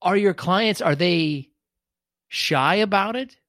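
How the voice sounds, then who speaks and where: A man asking interview questions in an easygoing, slightly halting way. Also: high voice, fairly bright tone, no room sound, studio quality.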